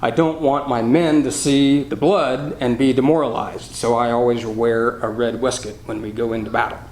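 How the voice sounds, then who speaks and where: A man's voice: medium pitch, lightly acted. A man playing a cool, unflappable admiral. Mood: calm. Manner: calm and unhurried. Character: calm, composed older British admiral. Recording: roomy hall echo.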